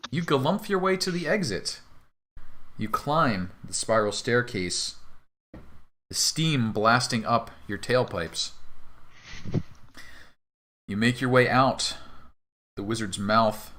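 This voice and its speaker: Bright-voiced male game master. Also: medium pitch, a little hiss or hum. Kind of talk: narrating a tabletop game.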